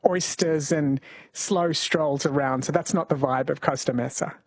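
A man hosts an overnight radio show in a relaxed, chatty way. His voice sits a little high and has a husky edge. The sound is dry and close. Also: unhurried, no echo. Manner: chatty, reads listener messages aloud. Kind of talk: casual radio chat.

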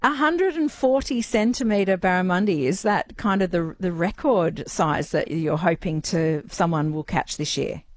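A friendly woman hosting a radio interview, brisk and quick to laugh. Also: on the low side, slight background noise. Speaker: radio host.

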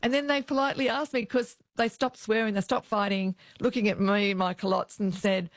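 An older woman recounts her years on the beat in an animated way, jumping up in pitch to play the people she quotes. Her voice sits at a middle pitch, and the recording is dry and close. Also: brisk, few pauses, dry recording. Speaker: retired police officer, guest. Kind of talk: storytelling in an interview.

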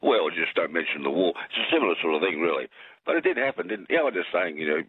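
Rambling older Australian caller on a phone line. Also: male voice, deep voice, big pitch swings, quick pace, slightly rough. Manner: rambling, jokey, self-interrupting. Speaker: radio caller. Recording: dry tinny phone line.

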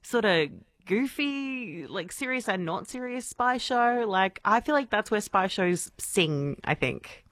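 A woman's voice: medium pitch, expressive, slow pace, a bit bright, dry recording. A woman co-hosting a casual chat about TV, enthusiastic and stretching her words out for emphasis. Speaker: podcast co-host.

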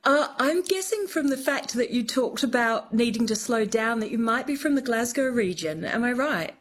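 A woman's voice: on the high side, lively intonation, normal speed. A woman appearing as a guest expert on accents on a radio show, speaking in a thoughtful, explanatory way. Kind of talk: radio studio conversation.

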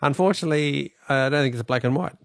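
A man hosting a talkback radio quiz, brisk and jovial with quick asides to callers. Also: mid-range voice, vocal fry, no echo, clean studio sound. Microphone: studio microphone.

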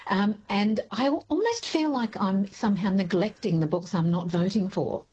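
A woman, a radio book show co-host, talking about novels in a thoughtful, animated way. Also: medium pitch, moderate pace, dull audio, slight background noise. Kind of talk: radio interview.

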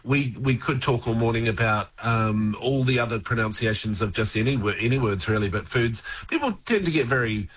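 Man, husky, mid pitch; chatty radio guest, hesitant, chuckling. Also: brisk, hardly any pauses, a bit bright. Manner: rambling, hesitant, chuckling often. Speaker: radio guest, language commentator. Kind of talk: casual radio chat.

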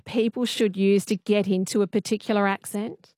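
A woman hosts an interview in a relaxed, conversational way with lightly joking questions. Her voice is recorded dry and close with no room sound. Her pitch sits in the middle. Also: normal speed, dry recording. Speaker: interview host.

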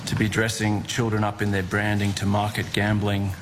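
A senator presses a witness with pointed questions at a hearing. His voice sits low, and there is clear room noise behind him. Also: completely flat delivery, moderate pace.

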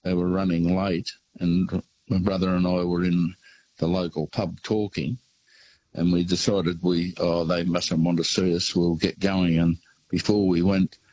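A low-voiced Australian man with a husky edge, calling in to a late-night radio show. He tells his stories in a rambling way, with lots of pauses and "uh"s. The sound is dry, with no room around it. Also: little pitch movement, darkish tone, no room sound, low-quality recording. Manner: rambling storyteller with hesitations. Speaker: caller. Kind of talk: casual phone-in chat.

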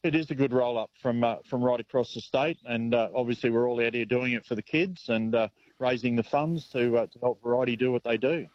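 A man's voice: medium pitch, a little fast, hardly any pauses, no echo, highs cut off. A man with an Australian accent calling in to a radio show, speaking hesitantly with many fillers. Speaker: caller reporting from a charity car rally. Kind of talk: casual phone-in chat.

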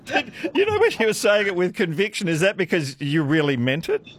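A man's voice: sits high, wildly swooping pitch, a little fast, background noise. A man hosting a radio quiz with callers, chatty and self-deprecating, laughing often. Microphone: studio microphone.

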